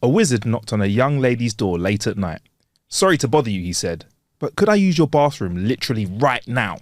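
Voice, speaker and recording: Playful man, lively voice. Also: mid-range voice, a little fast, dry recording, clean studio sound. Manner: playful, giggly, voices joke characters. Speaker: podcast co-host. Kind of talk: casual comedy chat, reading jokes.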